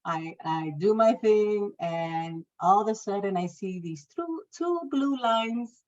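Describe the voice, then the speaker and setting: Woman in her 30s, personal storytelling, middle-pitched voice, voices her characters higher and livelier, slightly dull lo-fi sound. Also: slow pace. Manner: acts out quoted people with raised, lively voices. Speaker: guest sharing her testimony.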